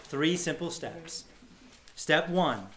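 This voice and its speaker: A man giving an energetic, casual storytelling talk to a live audience at an event. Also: a little high, slow. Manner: energetic, casual, swears now and then. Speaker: workshop speaker. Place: large room at a live event. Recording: echoey room sound.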